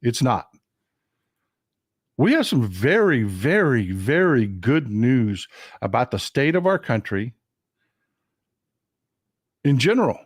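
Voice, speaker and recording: A man from Texas hosting a livestream of political commentary, getting over a cold, talking in an animated, indignant way and repeating phrases for emphasis. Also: mid-range voice, breathy edge, no echo, studio quality. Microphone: desk mic at a computer for a livestream.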